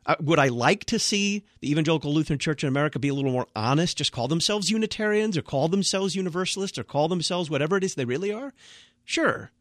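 A man's voice: on the high side, lively intonation, quick pace, a bit bright, no room sound, studio quality. A man, a Lutheran pastor, speaking as a guest on a radio talk show, earnest and emphatic with a blunt manner.

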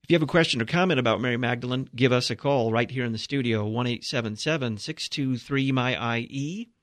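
A man hosting a radio call-in show from the studio, with clear, measured announcing. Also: medium pitch, no room sound. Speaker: radio talk show host. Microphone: studio microphone.

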